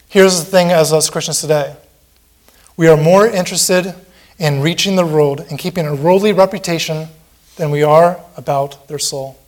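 A man's voice: a little high, steady tone, moderate pace. A man preaching a sermon in a church, impassioned and repetitive, acting out the mocking voices of a crowd.

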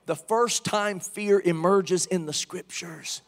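A male preacher giving an impassioned sermon, moving from quiet storytelling to shouted proclamation. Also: high-pitched, slow pace, hardly any pauses, in a large hall.

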